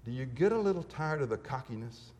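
A man's voice: medium pitch, expressive, fairly quick, a little mellow, in a large hall. A man giving a classroom lecture, emphatic and full of rhetorical questions.

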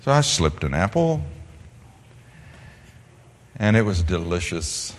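Speaking low and slow, a pastor from the Netherlands gives a spirited sermon with a rhythmic lilt, punching certain words hard, then dropping into a tender storytelling voice. His sound echoes long, like it's ringing through a large church.

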